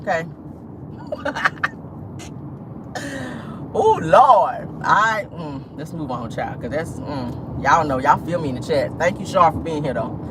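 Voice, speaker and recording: A woman's voice: sits low, expressive, moderate pace, few pauses, background noise. A woman hosting a celebrity gossip show in casual, sassy commentary full of slang and laughter, talking from a car.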